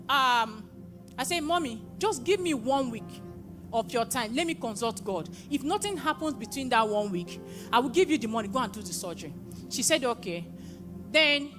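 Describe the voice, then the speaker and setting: High-pitched young woman, emotional church testimony, bursts of excitement, music underneath. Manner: emotional, often rising to excited exclamations. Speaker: testifier at a prayer conference. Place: live church gathering. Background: music playing.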